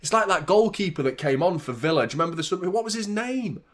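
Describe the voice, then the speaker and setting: A young man hosting a live football watchalong, chatting casually with viewers and shouting out at big moments. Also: high voice, quick pace. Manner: laid-back chat that jumps to loud excited reactions. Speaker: watchalong host.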